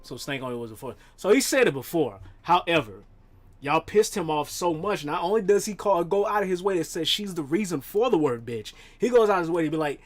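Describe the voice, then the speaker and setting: A man streaming live, chatting casually with his viewers, profane and animated, rambling and laughing as he talks. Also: on the high side, a little fast.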